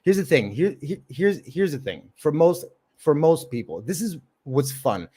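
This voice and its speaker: A man's voice: on the high side, big pitch swings, measured pace, mellow, slightly rough. Rambling, swearing man on a livestream. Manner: rambling, profane, filler-heavy. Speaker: livestream host; open mic comedian. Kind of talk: casual livestream chat.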